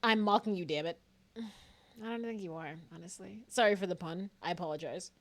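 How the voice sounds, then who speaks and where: A woman's voice: fairly low pitch, fairly quick. A woman streaming a game live, chatting playfully with her viewers, laughing, swearing and bantering.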